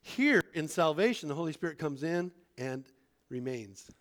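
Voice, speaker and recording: A man's voice: fairly high pitch, animated, moderate pace, fairly bright tone. A man teaching a Bible lesson in an informal sermon style, talking conversationally and acting out the people he quotes. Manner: conversational, acts out quoted voices.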